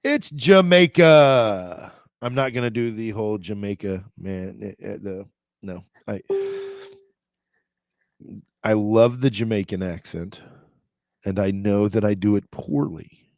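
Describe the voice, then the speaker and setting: A man's voice: fairly low pitch, unhurried, creaky, long pauses, mellow, no echo. A man hosting his own daily travel update in a casual, rambling way, with filler words and side remarks. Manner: chatty, rambling asides with fillers. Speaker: travel show host.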